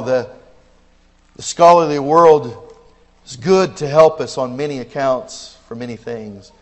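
Male preacher with a high voice, swinging from fervent shouts to hushed teaching, long hall reverb. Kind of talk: sermon.

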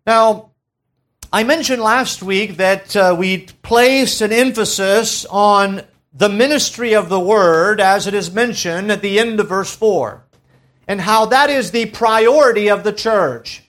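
A pastor delivering a Sunday sermon, a man who reads scripture aloud and then explains it to his church. He leans on important words, slowing down and letting his voice drop low. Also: a bit bright. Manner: preaches with slow emphatic phrasing, dropping low on key words; reads scripture in King James wording.

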